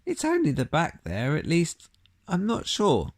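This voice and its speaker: A man's voice: fairly high pitch, wildly swooping pitch, unhurried, no echo, clean studio sound, voice pushed up, full character voice. A man voicing a curious, matter-of-fact young girl in a storybook reading. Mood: plain curious.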